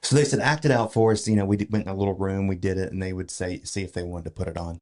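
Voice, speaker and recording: On a casual podcast, a male guest from Georgia in the US tells a long story, his voice low and his pace very fast. The retelling is animated and packed with fillers and restarts.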